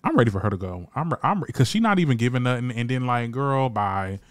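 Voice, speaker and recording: A man's voice: medium pitch, brisk, no room sound. A man recapping a reality TV episode in casual commentary, sassy and blunt, swearing freely and acting out what the cast said. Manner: animated, acts out quoted lines. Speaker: reality TV reviewer.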